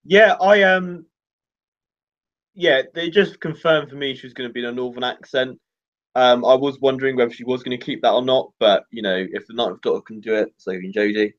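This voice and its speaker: A young man hosting a fan livestream, talking casually with plenty of fillers and quick laughs. His voice sits at an ordinary pitch. The audio is a little dull and lo-fi. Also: fairly even intonation. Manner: chatty, laughs often, many fillers and restarts. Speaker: livestream host.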